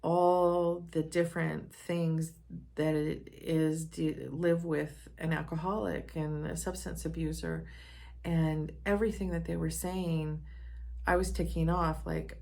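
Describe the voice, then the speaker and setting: Low, gravelly woman telling her story. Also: little pitch movement, a little mellow. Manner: earnest, candid, measured. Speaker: speaker on personal growth. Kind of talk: personal storytelling talk.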